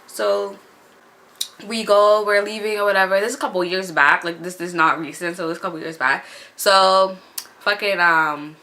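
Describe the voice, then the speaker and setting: Animated, profane young woman vlogger. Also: medium pitch, moderate pace. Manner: animated, profane, laughing often. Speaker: vlogger telling a story. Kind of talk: casual storytime.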